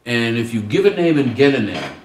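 Animated man lecturing in an echoey room. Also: mid-range voice, a little fast. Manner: animated, acts out dialogues with humor. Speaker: guest speaker on student service. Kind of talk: workshop presentation. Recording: roomy hall, distant mic.

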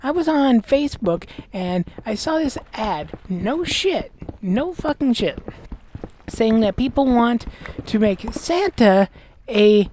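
A woman's voice: on the high side, lively intonation, slow pace, warm tone, a little hiss or hum. A woman hosting a Let's Play, ranting with exasperation and lots of swearing while she plays. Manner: profane, exasperated ranting with mocking voices. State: gassy, clearing throat. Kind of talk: ranting commentary over gameplay.

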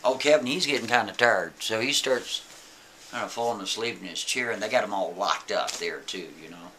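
A man telling a story in a casual, chatty way, with animated asides. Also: on the low side, brisk, slight background noise.

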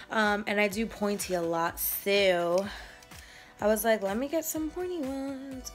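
A woman's voice: a little high, sharp tone. A young woman vlogging a shopping haul in a casual, slangy, playful way, a bit out of breath. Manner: chatty, slangy, playful, rambling.

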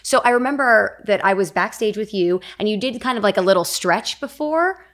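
A woman chatting casually as a guest, animated and playfully teasing. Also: medium pitch, a little fast. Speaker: guest, partner of the host's son. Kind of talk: casual chat.

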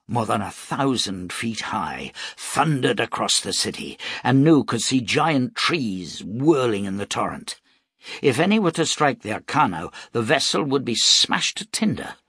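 A man narrating an audiobook in a measured, dramatic storytelling manner. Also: on the low side, sharp tone, slightly rough, no room sound, clean studio sound.

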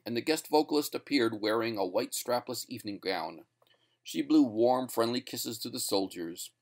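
A man narrates a short story in an even, measured voice of middle pitch. His reading is steady and scripted, carrying the plot along without hurry.

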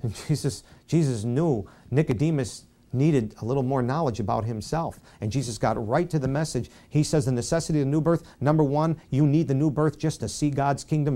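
Mellow-voiced man preaching a sermon. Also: mid-range voice, expressive, brisk. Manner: conversational, self-deprecating asides. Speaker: pastor.

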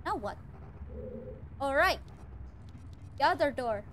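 A woman's voice: high-pitched, animated, a little slow, long pauses, a little hiss or hum. A woman streaming a video game live, talking to herself playfully with mock-outraged exclamations. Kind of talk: live gameplay commentary.

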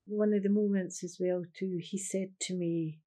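A woman's voice: medium pitch, steady tone, normal speed, mellow. A Scottish woman in her sixties telling a personal story in an interview, earnest and repeating "I says" as she recounts conversations. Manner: earnest, repeats "I says", acts out remembered dialogue. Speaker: interviewee, carer's widow.

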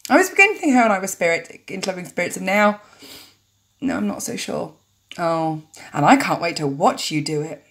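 A woman's voice: on the low side, expressive, brisk, fairly bright tone. A woman narrating and commenting casually on a story game, chatty and joking as she goes. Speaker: let's play narrator.

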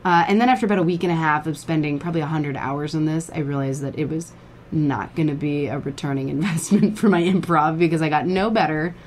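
A woman's voice: sits low, fast talker, a little hiss or hum. A woman improv performer chatting as a podcast guest, self-deprecating and laughing as she talks. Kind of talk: casual chat.

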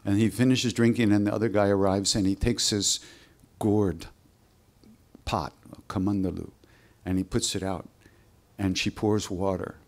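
Low-voiced man telling a story. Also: moderate pace, pauses often. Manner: relaxed, conversational, acts out the voices. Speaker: spiritual storyteller. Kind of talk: storytelling talk at a live workshop.

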